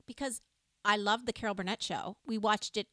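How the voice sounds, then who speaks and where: A woman's voice: medium pitch, fairly even intonation, moderate pace, pushed and bright, no room sound, studio quality. A woman co-hosting a live music show, chatting with viewers and telling enthusiastic, laughing stories. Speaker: livestream music show co-host. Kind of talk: casual chat with live viewers.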